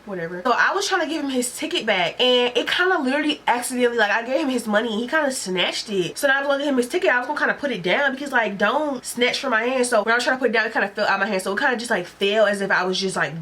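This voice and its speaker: A woman, retelling work stories in an animated, exasperated, slangy way. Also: a little high, racing, hardly any pauses, breathy edge. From Atlanta, Georgia. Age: late teens. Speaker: vlogger. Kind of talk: storytime vlog.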